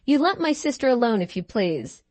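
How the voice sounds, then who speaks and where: A woman reading the part of a young gentleman who speaks stiffly and indignantly. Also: fairly high pitch, big pitch swings, a little fast, no room sound.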